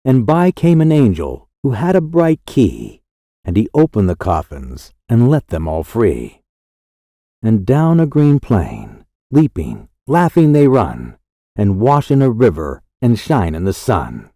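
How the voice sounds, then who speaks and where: A man recites poetry for an audiobook at an unhurried, deliberate pace. His voice is mellow and warm, and it rises and falls widely through each line. The recording is dry and close, with no room sound. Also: lowish voice, huge pitch swings, dry recording. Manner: slow, measured, lilting recitation. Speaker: audiobook narrator. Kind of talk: scripted poetry reading.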